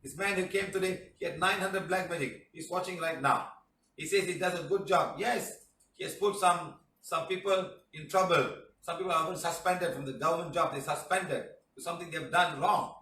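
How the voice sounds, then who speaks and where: A man's voice: on the high side, steady tone, normal speed, pushed and bright, a little hiss or hum. A man, a spiritual healing teacher, answers questions in a live talk, speaking emphatically and repeating his points. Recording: roomy sound from a distant mic.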